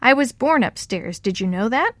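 A lonely old woman speaks in a gentle, unhurried voice, as a woman reading the story puts her on. The sound is close and dry, with no room around it. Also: fairly high pitch, expressive, no room sound. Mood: kindly. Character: lonely elderly woman, kind and wistful. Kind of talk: audiobook character reading.

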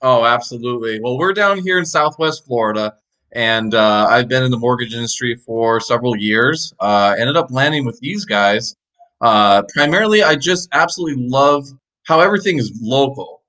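A man's voice: medium pitch, normal speed, sharp tone, low-quality recording. A middle-aged man speaking as a podcast guest about his mortgage work, earnest and conversational. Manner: earnest, conversational, frequent "uh" fillers. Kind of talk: casual interview chat.

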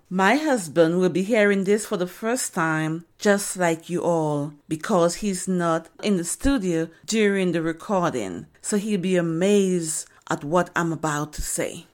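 A woman in her fifties giving an earnest devotional teaching on a podcast, recorded in a studio. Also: medium pitch. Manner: earnest, preaching. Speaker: podcast co-host.

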